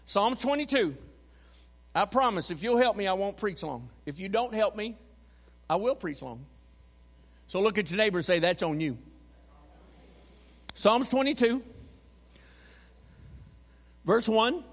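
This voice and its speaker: A man with a strikingly high voice preaches with animated energy, calling on the congregation to answer him. His words ring out in a church sanctuary with a long, lingering reverb. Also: moderate pace, long pauses. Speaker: pastor. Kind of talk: sermon.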